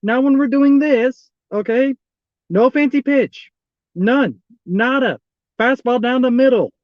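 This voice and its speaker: A man's voice: very high-pitched, slow pace, no room sound, dull audio. A man giving live fan commentary on a baseball game, exasperated and repeating the same pleas over and over. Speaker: fan streaming a live baseball watch-along.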